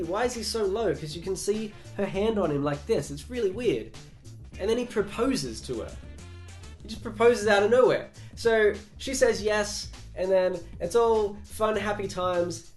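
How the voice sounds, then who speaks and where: A man's voice: high-pitched, a little mellow. A young man recapping a comic book casually, chatty and sarcastic, acting out the characters' lines.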